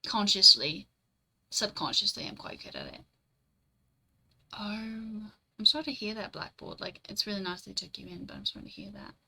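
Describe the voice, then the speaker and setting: Bright-voiced chatty young woman streamer. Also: medium pitch, big pitch swings, fast, vocal fry, low-quality recording. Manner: chatty and rambling, swears casually, laughs often. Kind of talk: casual live-stream chat, reading and answering chat.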